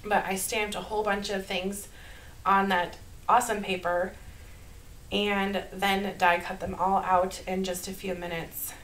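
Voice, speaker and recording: A woman with a Minnesota accent, talking through a card-making tutorial in a chatty, upbeat way and laughing softly at herself. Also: on the low side, slight background noise, low-quality recording. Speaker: card-making channel host. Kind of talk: casual craft tutorial voice-over.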